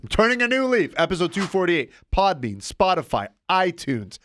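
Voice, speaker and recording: A man co-hosting a sports podcast, joking around with playful hype and drawn-out plugs. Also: sits high, big pitch swings, a bit bright, no room sound, clean studio sound. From Canada. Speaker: podcast co-host. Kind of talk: casual sports banter.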